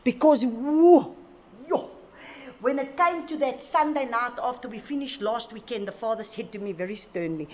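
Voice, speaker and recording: A woman preaching at a conference, lively and storytelling, with acted asides. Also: sits high, normal speed. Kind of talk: conference sermon. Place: conference hall. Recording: roomy hall sound, dull audio.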